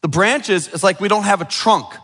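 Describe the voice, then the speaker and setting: Chatty pastor in a reverberant church. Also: male voice, high-pitched, normal speed, fairly bright tone, breathy edge. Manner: chatty, asks the room questions often. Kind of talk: sermon with a children's object lesson. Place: church sanctuary.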